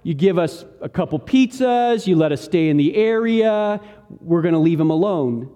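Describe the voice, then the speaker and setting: A man's voice: high voice, expressive, normal speed, mellow, in a large hall. A man mimicking casual, wheedling demons who are trying to bargain, in the middle of a sermon.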